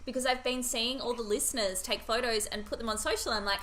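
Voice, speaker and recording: A woman's voice: on the high side, steady tone, quick pace, pushed and bright, low-quality recording. A young woman co-hosting a podcast, upbeat and giggly in casual chat over a video call. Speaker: podcast co-host and yoga teacher.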